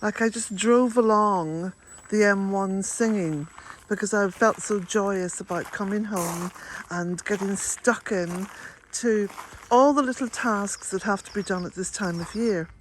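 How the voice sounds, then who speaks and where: An older woman, chatting to camera in a gentle, rambling way and chuckling often. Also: mid-range voice, unhurried, slight background noise. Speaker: vlogger. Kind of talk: casual chat to camera.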